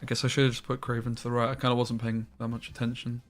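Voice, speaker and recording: A man streaming a card game live, chatting casually with viewers and breaking into loud exclamations. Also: mid-range voice, completely flat delivery, very fast, faint music behind. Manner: chatty, talks to chat, bursts into loud exclamations.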